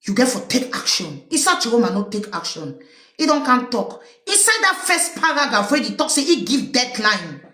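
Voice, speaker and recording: A woman's voice: a little high, fairly bright tone, echoey room. A woman with a Cameroonian Pidgin English accent, hosting a livestream of casual political commentary and firing rhetorical questions at her listeners. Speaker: livestream host.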